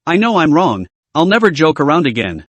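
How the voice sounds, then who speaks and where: A man's voice: a little high, very animated, a little fast, dry recording. A man reading a terrified young man, shaky. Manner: shaky, pleading. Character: panicked young man grabbed by a corpse. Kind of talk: read-out dialogue in a recap.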